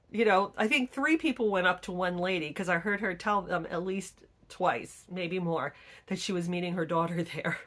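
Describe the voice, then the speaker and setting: A woman's voice: on the low side, normal speed. A middle-aged woman vlogger telling stories in casual chat, acting out the people she quotes. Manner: chatty storytelling, acts out quoted people.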